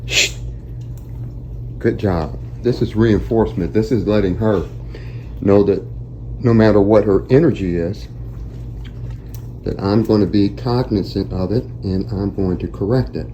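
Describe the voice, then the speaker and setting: A man working as a dog trainer, explaining each step of a training session to the camera in a steady, instructive way. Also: on the low side, moderate pace, dull audio, a little hiss or hum.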